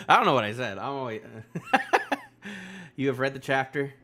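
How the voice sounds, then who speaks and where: A man streaming a live comic reaction in a goofy, animated way, laughing often. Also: mid-range voice, moderate pace, pauses often.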